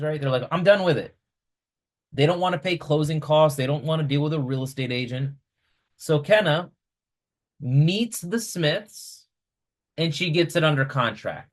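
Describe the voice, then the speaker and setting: A man coaching real estate investors in a casual, energetic style on a video call, checking in with "right?" all the time. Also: fairly high pitch. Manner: energetic, chatty, keeps asking "right?".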